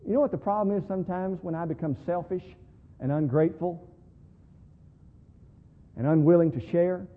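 Preacher in an echoing, phone-like hall. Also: male voice, sits high. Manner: preaching with swings from quiet to loud, slowing on key words. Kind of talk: sermon. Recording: tinny phone-like sound in a reverberant hall.

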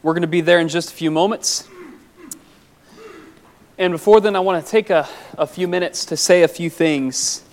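A young man preaching a sermon, tired from no sleep and emotional, his voice soft and near tears. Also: a little high, moderate pace, pauses often. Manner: emotional, voice breaking, soft and tearful.

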